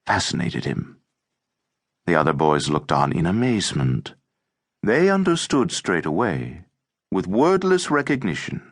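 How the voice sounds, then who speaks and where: A male audiobook narrator with a very low voice that rises and falls a lot. He reads in a measured, expressive way, leaning into the images of the story. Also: dry recording, clean studio sound. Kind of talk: scripted narration.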